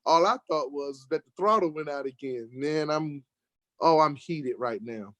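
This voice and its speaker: An American man telling a lively road-trip story in casual conversation, getting worked up when he acts out arguments. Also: a little high, measured pace, no echo. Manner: animated storyteller, rising sharply when acting out arguments. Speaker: guest telling a travel story. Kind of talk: casual storytelling in an online talk show.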